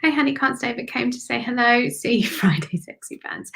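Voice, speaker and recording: A woman giving live intuitive card readings, speaking slowly and soothingly, repeating phrases and often dropping to a whisper. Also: on the high side, creaky, fairly bright tone, poor audio.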